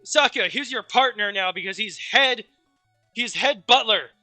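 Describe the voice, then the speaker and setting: A man's voice: high voice, animated, unhurried, pushed and bright, dry recording, soft background music, heavily acted. A man doing a spoiled vampire mistress. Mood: bossy.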